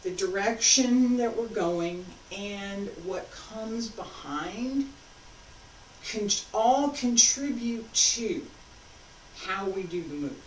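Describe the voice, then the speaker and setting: A woman's voice: mid-range voice, animated, slow, a little hiss or hum. A woman martial arts instructor talking a class through moves, patiently cueing each step as she demonstrates. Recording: roomy sound, mic far off.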